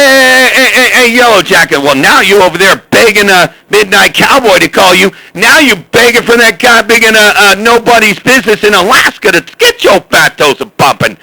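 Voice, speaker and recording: Boastful high-voiced CB radio man. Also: creaky, no echo, low-quality recording. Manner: boastful, loud, repetitive hailing. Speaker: CB radio operator and channel host. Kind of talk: CB radio chatter.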